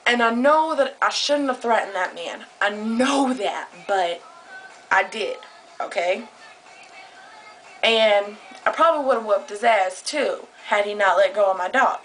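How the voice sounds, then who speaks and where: A woman's voice: medium pitch, a bit bright, slight background noise, rough recording. A young woman telling a heated story into her camera, agitated and swearing a lot. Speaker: vlogger. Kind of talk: casual vlog storytelling. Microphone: camera close up.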